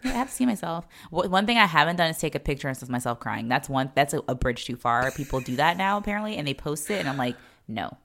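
Low-voiced, lively, blunt-talking woman. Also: fast talker, gravelly, hardly any pauses. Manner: blunt, swears freely, animated. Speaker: podcast co-host. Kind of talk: casual chat.

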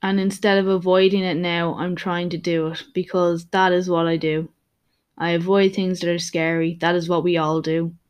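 A woman's voice: fairly low pitch, little pitch movement, normal speed, clear, resonant tone. Candid, rambling young woman podcaster. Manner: candid, rambling, with frequent restarts. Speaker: podcast host and personal trainer. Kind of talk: casual solo podcast monologue.

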